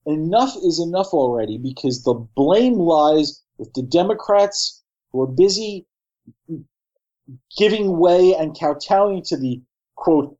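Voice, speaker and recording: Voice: medium pitch, darkish tone, muffled recording. A middle-aged co-host from the New York area, ranting bluntly and profanely about politics in casual chat. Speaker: podcast co-host.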